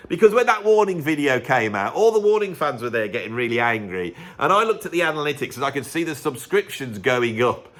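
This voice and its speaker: A man's voice: medium pitch, big pitch swings, fairly quick, hardly any pauses, fairly bright tone. A middle-aged man with a Birmingham accent, talking straight to camera in a chatty, sarcastic vlog. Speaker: musician and YouTuber.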